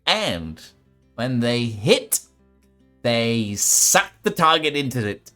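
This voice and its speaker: A man's voice: mid-range voice, sing-song, slow pace, sharp tone, faint music behind, heavily acted. A man voicing an eccentric old male arrow merchant in a wobbly put-on accent, drawing out words in a sing-song way as he relishes his wares. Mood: gleeful. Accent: wobbly put-on accent of no fixed place.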